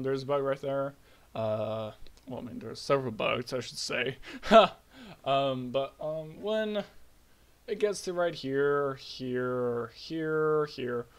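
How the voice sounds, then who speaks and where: A young man casually narrating his own game project, rambling with bursts of high-pitched glee. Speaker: hobby game developer. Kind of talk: casual screen-recorded devlog.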